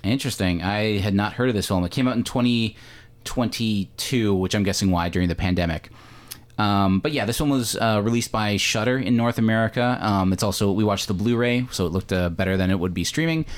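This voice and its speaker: Low-voiced man rambling about movies. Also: a little fast. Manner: rambling, many fillers and self-corrections. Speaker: podcast host. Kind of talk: casual movie discussion.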